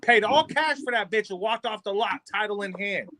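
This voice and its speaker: A man's voice: high-pitched, moderate pace. A man, co-hosting a podcast, telling profane stories and acting out every quote. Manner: profane, animated, acts out quotes. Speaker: podcast co-host. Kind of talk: casual storytelling among friends.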